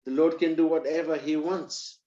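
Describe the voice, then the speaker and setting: A humble cobbler speaks with simple, devout delight, as a man plays him in a sermon story. The voice is slightly high, and the room makes it echoey and a bit dull. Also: steady tone, moderate pace, warm tone, close to an everyday voice. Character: humble, joyful male cobbler. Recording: roomy, slightly dull recording.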